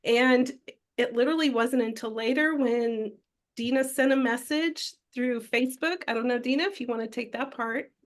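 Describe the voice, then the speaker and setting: A woman's voice: a little high, moderate pace. A woman guest telling her story in an interview, earnest and reflective.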